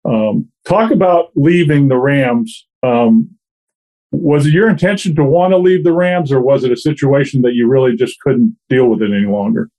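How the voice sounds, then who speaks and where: A man interviewing a former athlete, asking questions with halting pauses and restarts. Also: mid-range voice, mellow, rough recording. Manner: halting, many fillers and restarts.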